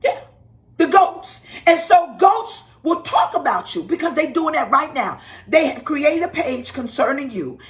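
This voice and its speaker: A woman pastor preaching a livestream in a high, swooping voice. She is folksy and animated, chuckling as she goes and repeating her words for emphasis. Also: measured pace. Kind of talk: livestreamed sermon.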